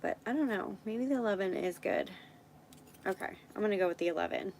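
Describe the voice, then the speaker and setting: A woman's voice: medium pitch, expressive, fairly quick, a little mellow, a little hiss or hum, low-quality recording. A woman hosting a casual live stream, thinking aloud as she works and chatting with viewers. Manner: thinks aloud while working, chats with viewers.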